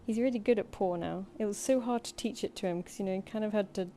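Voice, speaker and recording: A British woman chats loosely on a home live stream, with a mellow, soft-edged tone. She coos at her cat and gives it little commands between asides to her viewers. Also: medium pitch, fast, slight background noise. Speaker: artist streamer. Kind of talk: casual live-stream chat. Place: home room.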